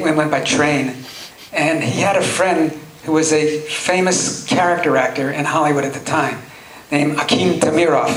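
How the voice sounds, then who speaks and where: A man at a convention panel telling dry, wry anecdotes to a live audience, with halting fillers. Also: on the high side, a little hiss or hum. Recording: echoey hall, audience laughter.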